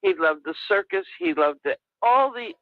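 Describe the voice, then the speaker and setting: A woman's voice: wildly swooping pitch, normal speed, gravelly, dry recording. Older woman calling in over a tinny phone line. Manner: earnest storyteller, quoting her child in a higher voice. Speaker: caller. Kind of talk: telling a personal story on a radio call-in. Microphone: telephone.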